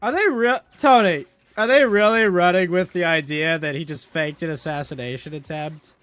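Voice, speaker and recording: A man's voice: on the high side, normal speed, a bit bright, smooth, no room sound. A male streamer ranting casually on a live stream, cursing a lot and sounding exasperated and sarcastic.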